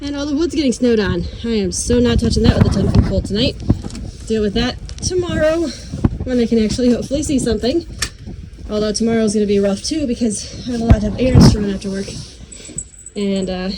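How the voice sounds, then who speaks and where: A woman's voice: fairly high pitch, fast. A woman chatting casually as she vlogs from her farm during a windy snowstorm. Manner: chatty, talks softly to her cats. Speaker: vlogger on a horse farm. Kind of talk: casual vlog chat.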